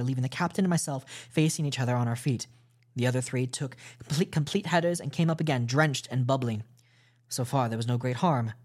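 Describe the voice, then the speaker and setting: Man reading a story aloud. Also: mid-range voice. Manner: steady, measured reading with small restarts. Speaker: podcast host reading a novel aloud. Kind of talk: audiobook storytelling narration.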